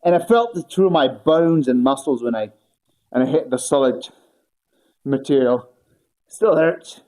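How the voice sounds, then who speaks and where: A man streams himself working out and chats loosely with his viewers. His talk wanders and he jokes along the way. His voice sounds mellow and dark. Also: medium pitch, expressive, a little slow. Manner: rambling, joking, talking to chat. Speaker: livestreamer. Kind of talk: casual stream chat while working out.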